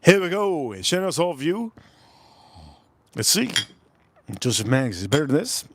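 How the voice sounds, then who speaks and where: A man's voice: a little high, sing-song, moderate pace. A man hosting a live stream in a loose, repetitive, chatty way, calling out viewers' names one after another. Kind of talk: casual live stream chat.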